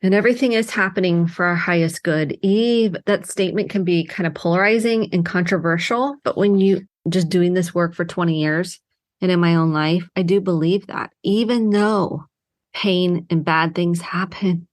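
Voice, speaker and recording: Middle-aged woman, therapist host, solo podcast talk, slightly low voice, earnest and heartfelt. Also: steady tone, moderate pace. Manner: earnest, heartfelt, emphatic in bursts. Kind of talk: reflective solo podcast monologue.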